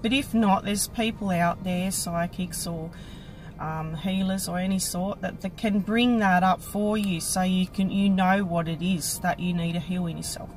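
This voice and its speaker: A woman psychic medium telling a personal story to camera, reflective and halting, with many restarts. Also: on the low side, steady tone, faint music behind, rough recording.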